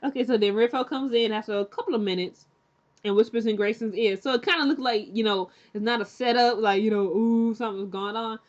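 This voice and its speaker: A woman's voice: on the high side, fairly quick, highs cut off. A woman giving a casual, rambling recap of a TV episode, full of fillers and restarts, now and then acting out the characters' lines. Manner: chatty and candid, acts out characters' lines. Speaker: TV show recap reviewer.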